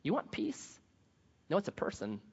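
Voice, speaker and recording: A man preaching a sermon, telling a story in a lively way and acting out the voices of the people in it. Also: high voice, moderate pace, vocal fry, slightly rough. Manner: animated storytelling, acts out quoted voices. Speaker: pastor. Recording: dull sound with long hall reverb.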